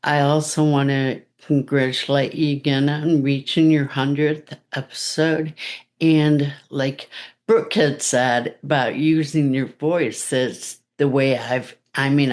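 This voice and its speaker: A woman guest speaking earnestly and in a measured way in casual chat. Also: very deep voice, a little mellow.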